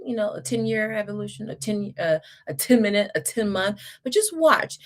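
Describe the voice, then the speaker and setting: A middle-aged woman hosting a casual livestream, reading viewer comments and giving encouraging, chatty advice with laughs and restarts. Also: mid-range voice. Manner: Southern-style address to viewers. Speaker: homeschool channel host.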